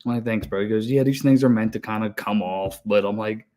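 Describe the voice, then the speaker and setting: A man's voice: fairly low pitch, a little fast, darkish tone. Hyper, breathless man telling stories. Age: 30s. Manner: hyper, rambling storytelling with heavy swearing. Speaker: podcast co-host, HVAC technician. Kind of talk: casual chat.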